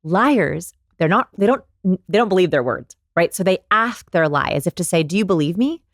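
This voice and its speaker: A middle-aged woman explaining research on confidence in an energetic interview, acting out vocal inflections as she goes. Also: lowish voice, moderate pace, no echo, clean studio sound. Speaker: guest, people expert. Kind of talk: animated interview talk.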